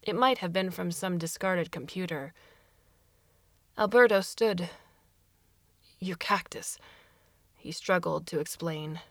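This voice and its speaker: A woman narrates a story in a fairly low voice. Her reading is expressive, and she slips into voices for the characters. The sound is dry and close, with no room echo. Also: a little slow. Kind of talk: audiobook narration.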